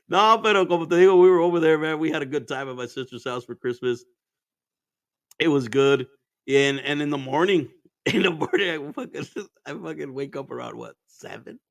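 A man's voice: fairly high pitch, moderate pace, gravelly, a bit bright, dry recording. A man telling stories in casual chat as a podcast host, laid-back and profane, laughing often and mixing Spanish into his English.

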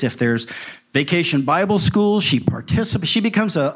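A middle-aged man, a pastor, telling a story in a folksy, animated way with wry asides. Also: on the high side. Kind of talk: storytelling sermon.

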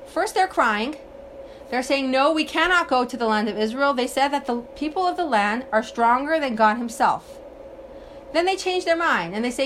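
A woman teaching a religious text, reading Hebrew passages aloud, then translating and explaining them with rhetorical questions and lively retelling. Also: sits high, normal speed, a little hiss or hum. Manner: animated storytelling with rhetorical questions. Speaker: Torah teacher. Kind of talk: text study lesson.

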